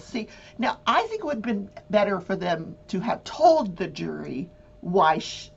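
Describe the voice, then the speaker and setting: A woman hosts a casual true-crime talk, animated and quick to act out the people she describes. Her voice is husky and moves lively up and down. The recording sounds dull and lo-fi. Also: mid-range voice. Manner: animated, acts out voices and swears. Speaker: talk show host.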